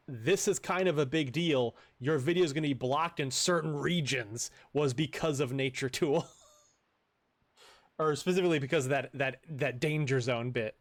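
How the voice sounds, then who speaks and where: A man streaming a game in casual chat, rambling and chuckling with many fillers. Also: a little high.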